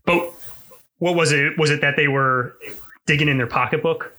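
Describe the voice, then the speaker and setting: A man in a casual chat, calmly asking probing questions. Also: a little high, normal speed, poor audio. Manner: calm, asks probing questions. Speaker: interviewer.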